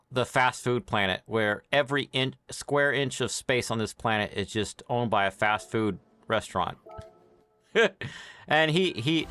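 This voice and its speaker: Bright-voiced animated male streamer. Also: medium pitch. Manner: animated storyteller, laughs often. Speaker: livestream host. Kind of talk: casual chat while gaming.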